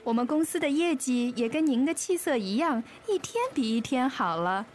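A woman's voice: high-pitched, expressive, normal speed, a little hiss or hum. A woman playing a cheerful office employee in a recorded lesson dialogue, paying her boss sugary compliments. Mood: cheery.

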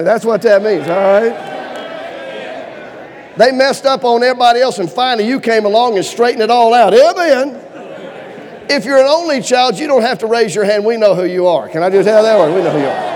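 A man preaching a humorous sermon in a church auditorium, folksy and animated, asking the crowd for amens and shows of hands. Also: very high-pitched, noisy background. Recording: long reverb of a large hall.

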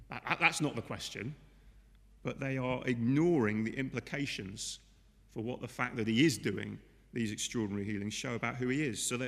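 With a medium-pitched, slightly bright voice and big-room acoustics, a man delivers a sermon in church. It's conversational, and he regularly poses rhetorical questions to those listening.

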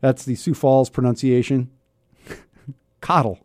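A man's voice: medium pitch, expressive, moderate pace, a little mellow, dry recording, studio quality. A man in his fifties hosting a radio talk show, chatting casually and wryly with many restarts, his throat a little scratchy. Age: 50s. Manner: chatty, self-interrupting, wry. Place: radio studio. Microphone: studio microphone.

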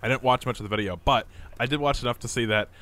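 A young man co-hosting a casual podcast, animated and swearing freely. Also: medium pitch, quick pace. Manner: animated, swearing, mimics voices when retelling. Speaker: podcast co-host. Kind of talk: casual chat.

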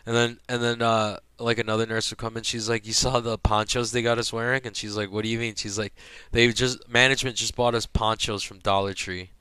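A young man casually telling a hospital story, profane and animated, acting out the people he quotes. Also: lowish voice, a little fast, clear, resonant tone, no room sound.

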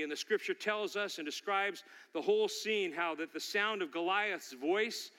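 A man preaching in a reverberant hall, his voice high and bright. He tells the story in an easy way, then builds to a forceful call to the listeners. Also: normal speed, few pauses. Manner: storytelling, rising to forceful exhortation. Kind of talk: sermon.

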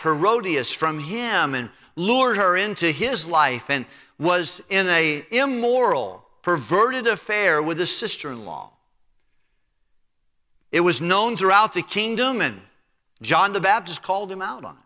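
A pastor preaching in a church sanctuary, his voice fairly high and forceful, with a bright, pressing edge. He preaches emphatically and drops low and soft on the words he wants to land. The sound rings out in a long, reverberant church hall. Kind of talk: sermon.

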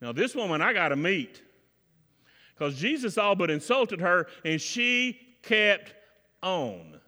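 Male pastor, high bright voice, folksy preaching from hushed to shouting, church hall echo. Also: very animated, slow pace. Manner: builds from quiet prayer to shouted preaching. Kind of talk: sermon. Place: church sanctuary. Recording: long reverb in a church hall.

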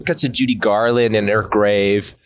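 A man co-hosting a casual comedy podcast, rambling as he pitches silly bits. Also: fairly even intonation, moderate pace. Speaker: podcast co-host.

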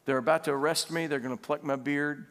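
Preacher voicing a casual, friendly Jesus. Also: male voice, on the high side, fairly even intonation, quick pace, a bit bright, lightly acted. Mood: grave. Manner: casual, buddy-like. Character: patient, good-humored teacher man, casual and friendly. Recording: long hall reverb.

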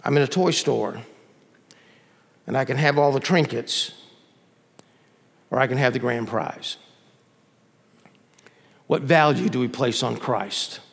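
A male pastor preaching a sermon in a church, emphatic, swinging from loud peaks to soft drops. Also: medium pitch, vocal fry, in a large hall.

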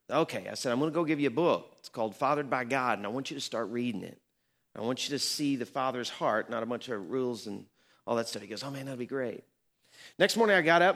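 A man's voice: mid-range voice, fairly bright tone. A middle-aged man, a pastor, telling a story in a sermon, earnest and building to emphatic peaks.

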